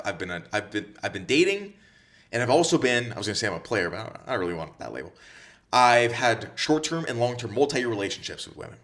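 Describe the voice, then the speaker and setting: A man's voice: mid-range voice, a bit bright. A man coaching other men on dating, talking bluntly and with heavy swearing, repeating his points for emphasis. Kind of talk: direct-to-camera advice monologue.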